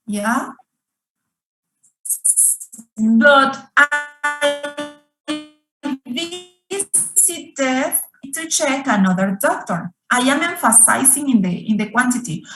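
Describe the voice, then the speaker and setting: A woman's voice: on the high side, animated, drawn-out words, pauses often, a bit bright, soft background music. A woman teaching an online English grammar lesson over a video call, repeating each point and asking her students questions. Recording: roomy sound from far off the mic.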